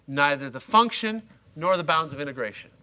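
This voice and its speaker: A man's voice: fairly high pitch, animated, brisk, sharp tone. A middle-aged man lecturing a university class, chatty and self-mocking, talking straight to his students. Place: lecture hall.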